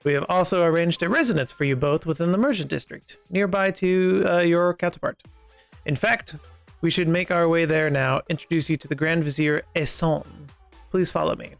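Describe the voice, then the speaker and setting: A man reading a courteous male city guide's formal lines in a slow, stately way. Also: on the high side, vocal fry, faint music behind.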